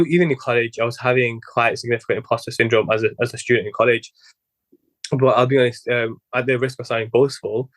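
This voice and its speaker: A man's voice: mid-range voice, fairly bright tone, no echo. A young man talking as a guest physiotherapist in a podcast interview, rambling with many restarts and quoting his own past thoughts. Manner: rambling, quick, many restarts and quoted self-talk.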